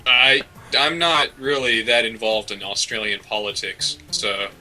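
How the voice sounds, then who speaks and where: Bright-voiced sarcastic man co-host. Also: mid-range voice, a little slow, poor audio. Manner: sarcastic, joking. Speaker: podcast co-host. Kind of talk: casual comedic chat. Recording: faint music bed underneath.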